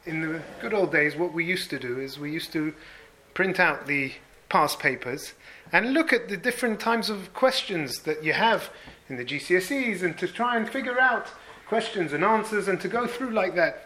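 A man giving a Torah class as a rabbi, telling stories with Hebrew terms and earnest emphasis that rises, then drops to hushed tones. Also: high voice, animated, normal speed, slight background noise, rough recording.

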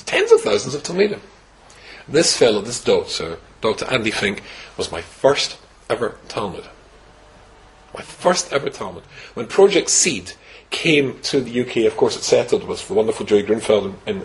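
Animated older Scottish rabbi telling a story. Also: male voice, mid-range voice, vocal fry, rough recording. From Scotland. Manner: animated storyteller, wry humor, swings from hushed to exclaiming. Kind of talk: personal story told to a host.

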